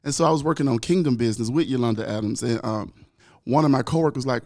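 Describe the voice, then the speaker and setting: A man's voice: medium pitch, fast talker, a little mellow, dry recording, studio quality. A man, a guest chatting casually and laughing along. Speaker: guest, makeup artist. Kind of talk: casual chat.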